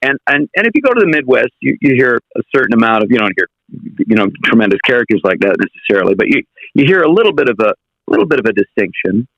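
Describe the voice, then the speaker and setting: A man's voice: mid-range voice, big pitch swings, fast, no room sound, dull audio. An American man talking as a guest in a casual interview, reflective and circling back to rephrase his points. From United States. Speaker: guest impressionist.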